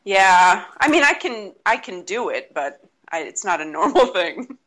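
A woman's voice: medium pitch, sing-song, measured pace, a bit bright. A woman who grew up near Boston, co-hosting a casual podcast chat and talking at length. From Boston area, Massachusetts. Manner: chatty, explains at length. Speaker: podcast co-host.

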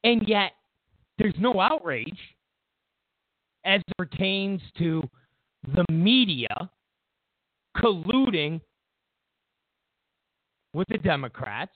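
A man's voice: sits high, takes it slowly, long pauses, dry recording. A man hosting a political commentary show, delivering an emphatic, mocking monologue. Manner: emphatic, animated, mocking asides. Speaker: show host. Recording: tinny phone-like audio, dry.

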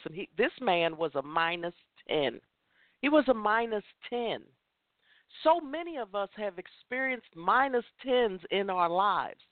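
A woman's voice: lowish voice, dry recording. Impassioned woman over a tinny phone line. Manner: impassioned, emphatic, repeats phrases for force. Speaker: host of a women's chat show. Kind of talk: motivational talk.

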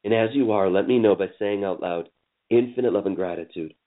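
A man leading a guided forgiveness session on a call, speaking slowly and soothingly with lots of repetition. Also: lowish voice. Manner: slow, soothing, repetitive coaching. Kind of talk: guided emotional healing session. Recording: tinny phone-line audio.

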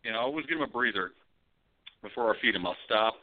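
A man co-hosting a podcast, telling stories in a loose, profane, animated way. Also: medium pitch, quick pace. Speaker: podcast co-host. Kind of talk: casual chat. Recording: tinny phone-like audio.

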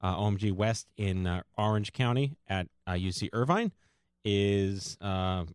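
Brief: male podcast host, low voice, rambling delivery with fillers, dry close mic. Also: animated, smooth, dry recording. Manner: rambling, halting with many fillers. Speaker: podcast host, co-founder of the organization. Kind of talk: casual podcast chat.

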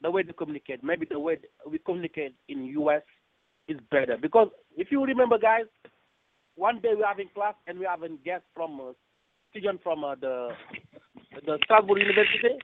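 A man, a student panelist, speaking by phone with non-native phrasing and hesitant pauses. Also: high-pitched, slight background noise. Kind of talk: radio panel discussion over a phone call. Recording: dry, tinny phone line.

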